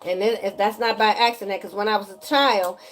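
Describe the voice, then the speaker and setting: A woman giving a casual spiritual energy reading to viewers, animated and emphatic, often repeating her lines and slipping into slang. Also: mid-range voice, brisk. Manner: animated, breaks into singing, emphatic and preachy.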